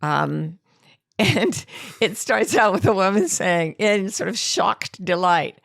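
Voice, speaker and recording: Middle-aged woman, podcast co-host, gravelly voice, lively swooping pitch, laughs a lot. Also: slow pace, no echo, clean studio sound. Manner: laughing, animated storytelling. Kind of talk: casual chat.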